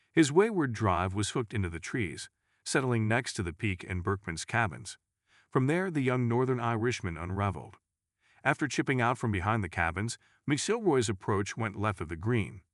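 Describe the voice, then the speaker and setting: A man's voice: on the low side, a bit bright, no echo, clean studio sound. A man reading a sports news article aloud as scripted narration, with dramatic emphasis.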